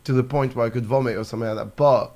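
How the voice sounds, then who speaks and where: A man's voice: mid-range voice, steady tone, racing, darkish tone. A man from France with a French accent, chatting casually over drinks, laughing often and padding his talk with fillers. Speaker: guest.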